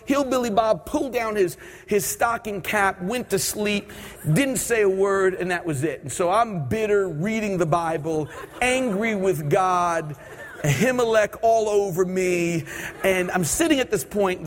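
A high-voiced man delivers a sermon built around a personal story, acting out his own thoughts as he goes. His voice rings out through a church hall with a long reverb tail. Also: moderate pace. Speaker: preacher. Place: church service.

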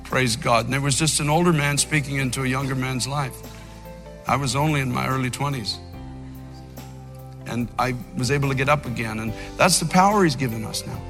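An older man preaching an impassioned sermon, moving between loud fervent outbursts and low, quiet storytelling. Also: brisk. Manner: fervent preaching, by turns shouting and dropping low, with storytelling asides. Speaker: pastor. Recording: long reverb of a big hall, faint music.

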